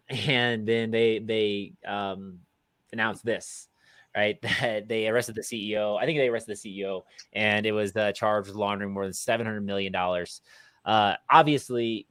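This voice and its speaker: Male co-host, low voice, casual and hesitant, dry close recording. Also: a bit bright, no room sound. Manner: hesitant, many fillers and restarts. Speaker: podcast co-host. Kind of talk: casual podcast discussion.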